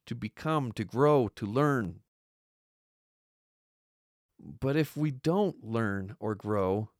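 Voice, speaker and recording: Earnest guy going thru a bible passage, slow and deliberate, dry mic. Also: medium pitch, darkish tone, no echo. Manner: earnest, repeats words, slow emphatic stresses. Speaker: podcast host teaching scripture. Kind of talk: religious study talk.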